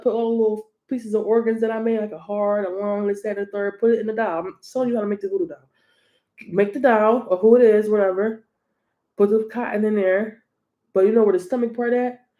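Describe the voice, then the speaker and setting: A woman's voice: fairly high pitch, warm tone. Blunt, profane woman tarot reader. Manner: blunt, profane, laughing, emphatic. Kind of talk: casual tarot reading rant.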